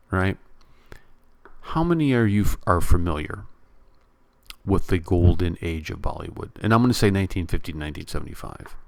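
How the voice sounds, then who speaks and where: A man vlogging at home, ranting to his viewers in a casual, animated way and repeating himself for emphasis. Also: low voice, gravelly. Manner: animated, repetitive, addresses viewers directly. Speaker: YouTube vlogger. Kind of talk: casual on-camera rant. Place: home room near a bedroom.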